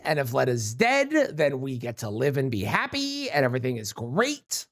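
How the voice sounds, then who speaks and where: A streamer giving live gameplay commentary, excitable, yelling, swearing and pleading with teammates. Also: mid-range voice, slow, long pauses, slight background noise.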